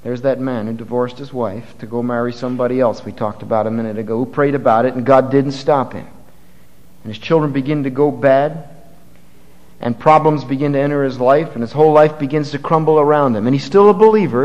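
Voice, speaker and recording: A man's voice: medium pitch, fairly quick, a little mellow, big-room sound, low-quality recording. A male pastor preaching a sermon, reading scripture aloud and building to emphatic, rising passages.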